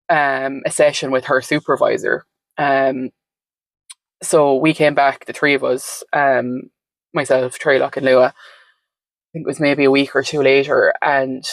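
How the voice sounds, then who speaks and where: A woman's voice: extremely low pitch, dry recording, poor audio. A woman telling her story as a podcast guest in a reflective, meandering way, full of "like" and "um". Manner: reflective, meandering, frequent "like" and "um" fillers. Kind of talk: conversational storytelling.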